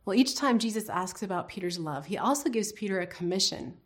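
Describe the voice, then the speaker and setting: A woman's voice: medium pitch, expressive, a little fast. A woman teaching a devotional Bible lesson in an earnest, reflective way, putting questions to her listeners.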